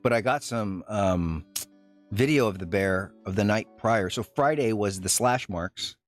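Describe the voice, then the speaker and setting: A man with a lowish voice talks casually to his live chat and tells the story in a loose, rambling way. He stops often, restarts his sentences and fills the gaps with ums and uhs. Faint music plays underneath. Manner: rambling, halting, with many fillers and restarts. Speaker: live streamer.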